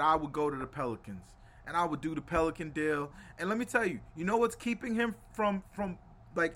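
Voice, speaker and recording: A man hosting a casual sports podcast, animated and laughing, swinging between loud rants and low asides. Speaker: podcast host.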